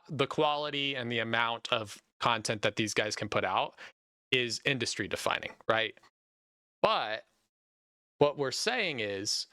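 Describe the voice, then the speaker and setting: Young male podcast host, bright forceful voice, dry close sound, animated run-on talker. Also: medium pitch, no room sound. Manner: animated, talks in long run-on stretches. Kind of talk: casual podcast chat.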